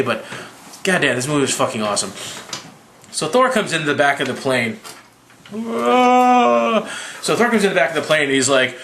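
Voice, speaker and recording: A slightly drunk young man rambling through a profane, casual movie recap with quick impressions. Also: mid-range voice, pushed and bright, reverberant, a little hiss or hum. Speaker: movie reviewer.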